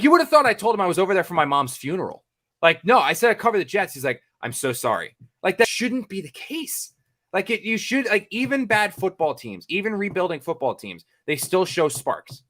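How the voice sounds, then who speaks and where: A man's voice: high-pitched, sharp tone. An American man, a sports reporter co-hosting a podcast, ranting in exasperation, repeating himself and swearing freely.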